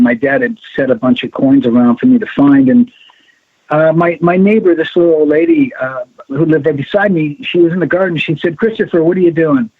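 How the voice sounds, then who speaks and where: Brief: middle-aged male guest on a phone line, husky and animated storyteller. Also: on the high side, no echo. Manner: animated storyteller acting out quoted voices. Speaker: guest, founder of a ring-finding directory. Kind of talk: storytelling on a call-in radio show. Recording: tinny phone line, dry.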